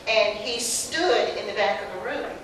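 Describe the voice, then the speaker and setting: An older woman with a Southern accent, telling lively stories on a panel, acting out the dialogue and laughing often. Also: medium pitch, unhurried. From North Carolina. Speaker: panelist, former teacher. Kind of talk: personal storytelling on a panel. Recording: very echoey distant hall recording with background noise.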